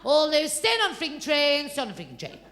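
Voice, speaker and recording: A woman's voice: sits high, wildly swooping pitch, fast, fairly bright tone, long reverb tail, full character voice. A woman voicing a foul-mouthed little boy from hell who barks bossy train-conductor announcements.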